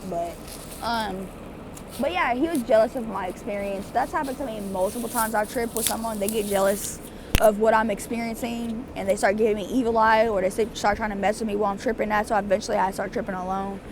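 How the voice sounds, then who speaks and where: A woman's voice: medium pitch, a little fast, background noise. A young adult woman vlogger telling a story in a casual, rambling way, full of fillers. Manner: rambling, animated, with many fillers.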